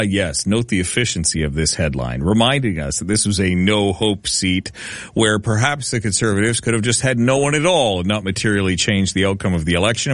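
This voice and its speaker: A man's voice: fairly low pitch, a bit bright, dry recording. A man hosting a talk radio show, delivering dry, sardonic commentary into a studio microphone.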